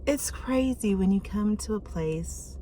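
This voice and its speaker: A woman at a mid pitch, chatting casually as she reads viewer messages for tarot. She talks candidly and loosely, cursing freely and reacting aloud to what she reads. A faint hum sits behind her voice. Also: expressive, unhurried, warm tone. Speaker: tarot reader.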